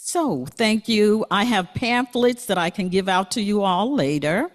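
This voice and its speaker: A woman's voice: mid-range voice, lively intonation, unhurried. An older woman giving a keynote talk in a plain, matter-of-fact way. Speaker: keynote speaker.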